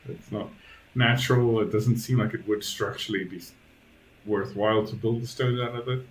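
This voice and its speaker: Man, game master, low voice, hesitant, echoey room, faint noise. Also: steady tone, moderate pace. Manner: hesitant, lots of ums and restarts. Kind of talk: narrating a tabletop game over voice chat.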